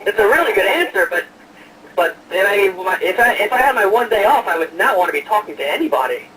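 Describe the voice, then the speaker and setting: A man's voice: high voice, expressive, fast talker, sharp tone, far from the mic, a little hiss or hum, low-quality recording. A man hosting an online radio show, chatting casually and jokingly with lots of hesitations and fillers.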